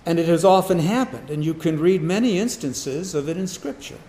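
A man's voice: a little high, normal speed, warm tone. A man preaching a Sunday morning sermon, asking the congregation rhetorical questions and repeating key words for emphasis. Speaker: pastor. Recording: echoey room.

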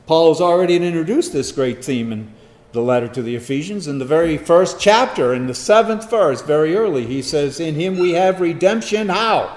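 A man preaching an expository sermon, emphatic, swinging between loud stress and hushed asides. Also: a little high. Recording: echoey hall, long reverb.

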